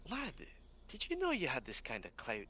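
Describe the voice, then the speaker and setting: A man's voice: on the high side, huge pitch swings, normal speed, sharp tone, lo-fi sound, slight background noise, voice pushed up, exaggerated voice. A man voicing a big, bluff male adventurer with a burr, hearty and rambling politely. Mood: teasing.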